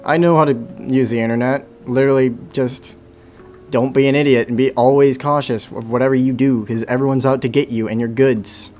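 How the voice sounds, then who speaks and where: A man's voice: mid-range voice, steady tone, brisk, a little mellow, a little hiss or hum. A young man chatting casually on a livestream while playing, rambling and talking to himself. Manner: rambling, self-talk with hums and sound effects. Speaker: streamer.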